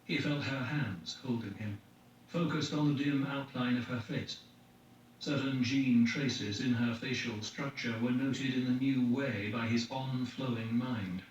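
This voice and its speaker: A man reads a novel aloud in a measured, dramatic audiobook style. His voice sits in the middle range and sounds distant from the mic. The room adds heavy echo to it, and the recording is dull and lo-fi. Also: mid-range voice. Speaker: podcast host reading a novel aloud. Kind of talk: audiobook narration. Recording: echoey, distant, dull lo-fi, faint hiss.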